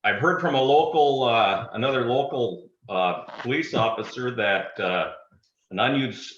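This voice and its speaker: A man's voice: mid-range voice, a little slow, a bit bright. A man in a council meeting, chiming in with wry, dry jokes. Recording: echoey, muffled call audio.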